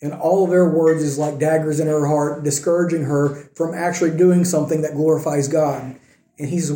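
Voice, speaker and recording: A man's voice: fairly high pitch, normal speed, mellow, reverberant, low-quality recording. A man preaching a conversational sermon as pastor, using rhetorical questions. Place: church sanctuary.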